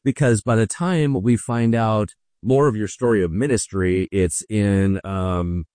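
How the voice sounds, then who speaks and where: A man's voice: lowish voice, unhurried, a little mellow, no echo, studio quality. A man hosting an interview, a pastor, affirming his guest and asking about his life. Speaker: host, pastor.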